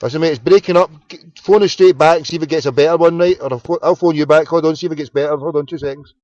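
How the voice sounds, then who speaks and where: Glaswegian male host, chatty and casual, a bit high-voiced, dry lo-fi home recording. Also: steady tone, racing, a little mellow, no echo. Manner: chatty, fumbling with the tech between calls. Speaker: phone-in show host. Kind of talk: casual phone-in chat. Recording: dull, lo-fi home broadcast.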